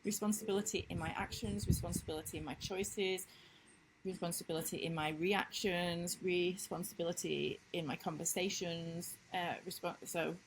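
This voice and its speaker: A woman business coach in a casual talking-head vlog, recapping lessons with emphatic enthusiasm and sudden upward leaps in pitch. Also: fairly even intonation, moderate pace, noisy background. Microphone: computer screen-recording mic.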